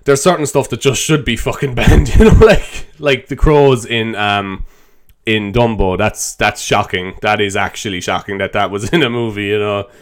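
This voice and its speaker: A man's voice: on the low side, fairly even intonation, normal speed. A young man hosting a solo podcast, rambling loosely, swearing and laughing as he talks. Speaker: podcast host. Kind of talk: solo improvised podcast chat.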